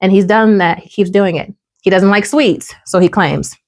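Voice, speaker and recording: Animated woman retelling a drama. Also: mid-range voice, moderate pace. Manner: animated storytelling, acts out characters' lines. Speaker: podcast host recapping a drama. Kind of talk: casual chat.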